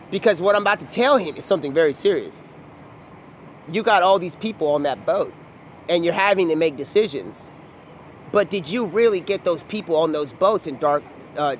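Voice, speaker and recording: A man's voice: high-pitched, a little hiss or hum. A man telling a rambling, profane comic story outdoors, acting out all of the dialogue himself.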